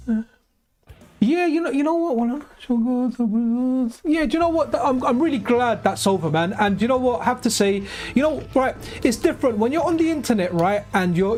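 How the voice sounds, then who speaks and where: A man with a light, high voice he calls feminine, rambling casually on a live stream while he plays, often asking "right?". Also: a little mellow. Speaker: game streamer. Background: faint game music.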